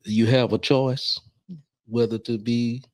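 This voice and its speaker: A man co-hosts a talk show and speaks slowly, giving encouragement in a preacher-like cadence. His pitch is average for a man. The recording is dry and close. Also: flat delivery, a little mellow, dry recording. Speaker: co-host. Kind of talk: casual chat.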